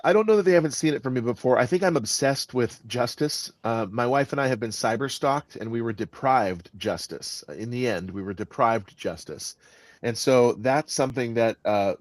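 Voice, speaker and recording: A man speaking as the guest author in an interview, with an expressive delivery that stresses words and often restarts his sentences. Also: mid-range voice, no echo. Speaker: guest author and audiobook narrator. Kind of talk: conversational interview answers.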